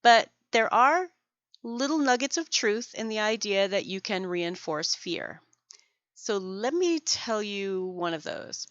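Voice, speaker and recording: A woman hosting a podcast for dog groomers, explaining things in an animated way, acting out examples and laughing often. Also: medium pitch, slow pace, dry recording, lo-fi sound. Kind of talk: educational podcast monologue.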